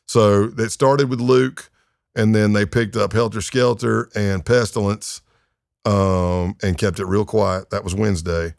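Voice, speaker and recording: A man's voice: on the low side, a little slow, gravelly, no echo, clean studio sound. A man in his fifties, a retired undercover agent, telling his story casually as a podcast guest, with lots of fillers. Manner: animated, acts out quoted voices, many fillers.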